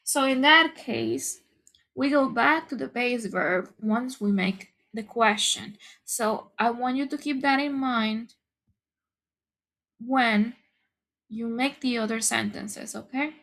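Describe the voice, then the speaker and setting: A woman teaching an English grammar lesson, explaining patiently and deliberately, repeating the key points. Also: fairly high pitch, fairly bright tone. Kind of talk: slow, careful lesson explanation.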